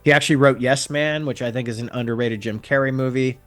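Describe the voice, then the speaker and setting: A man's voice: mid-range voice, steady tone, fast talker, soft background music. A man co-hosting a podcast in casual chat, rambling with frequent ums. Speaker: podcast co-host.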